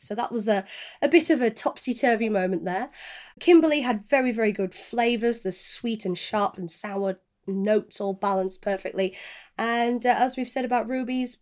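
A woman hosting a baking podcast, leading the chat with a brisk, upbeat recap. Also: a little high, a little mellow. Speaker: podcast host. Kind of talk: casual chat, leading the discussion.

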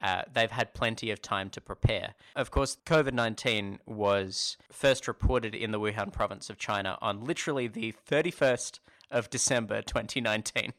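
A man's voice: lowish voice, fairly bright tone. A man, co-host and science magazine editor, chatting casually and riffing jokes. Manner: joking, quick to riff. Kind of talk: casual podcast banter.

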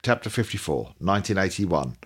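A man hosting a podcast in casual chat, self-mocking and quick to laugh. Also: low voice, very animated, slightly rough. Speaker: podcast host.

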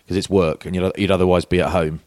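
Deep-voiced man in his forties. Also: little pitch movement, fast talker, darkish tone, no room sound, studio quality. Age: 40s. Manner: chatty storyteller, acts out quoted voices. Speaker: podcast co-host. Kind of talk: casual chat.

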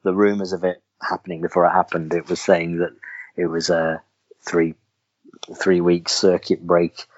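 A man with a very low voice talks casually as a podcast co-host, rambling along with an animated, chatty manner. The sound is somewhat dull and lo-fi. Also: moderate pace. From Wales. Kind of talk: casual chat.

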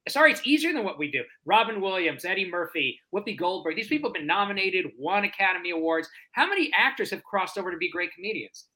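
A man who grew up in the States, chatting as a guest on a podcast. He talks quickly and brightly, slipping into quoted voices as he tells stage stories. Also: high-pitched, poor audio. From United States. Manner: animated storyteller, acts out quoted voices. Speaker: stand-up comedian guest. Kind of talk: casual podcast chat.

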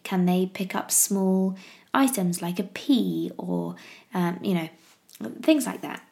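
A woman from England talks in a relaxed, rambling chat, restarting sentences and filling gaps with ums. Her voice sits fairly low and carries a noticeable gravelly fry. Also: slow. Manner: chatty, rambling with fillers and restarts. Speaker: parenting podcaster. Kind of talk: casual chat.

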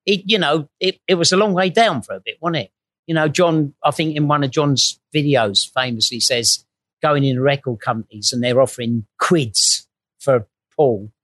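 A man's voice: fairly high pitch, moderate pace, a bit bright, no room sound. A man, a guest in a casual chat, telling anecdotes freely with swearing and quoted voices.

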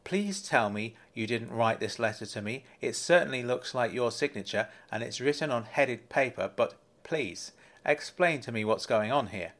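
A man's voice: medium pitch, expressive, normal speed, fairly bright tone, close to an everyday voice. A man voicing a firm, insistent wealthy businessman in a storybook reading. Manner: blunt and insistent.

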